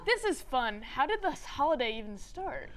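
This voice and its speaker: A woman's voice: high-pitched, very animated, moderate pace. A young woman co-hosting a scripted student comedy show, playing the cheerful, bemused straight woman. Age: young adult. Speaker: co-host.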